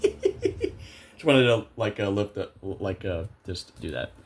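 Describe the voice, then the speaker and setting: A man's voice: deep voice, animated, normal speed, slight background noise. A young man commentating a video game casually, chatty and self-amused, thinking aloud with lots of fillers. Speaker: gameplay video creator.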